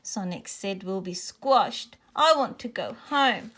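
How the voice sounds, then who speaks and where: A woman voicing a young girl whose toy robot was taken, speaking high and emotionally. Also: animated, slow pace, a bit bright, slight background noise. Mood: upset.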